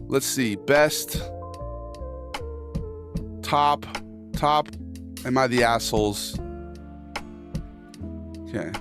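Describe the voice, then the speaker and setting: Speaking very slowly with long pauses, a medium-pitched man hosts a casual livestream. He reads posts out and reacts to his chat with crude humor, and instrumental music plays in the background.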